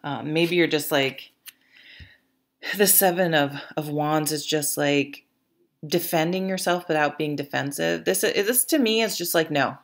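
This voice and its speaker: A woman's voice: low voice, unhurried. A woman giving a casual tarot reading, chatty, with lots of fillers and restarts, and now and then laughing at her own stories. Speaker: tarot reader.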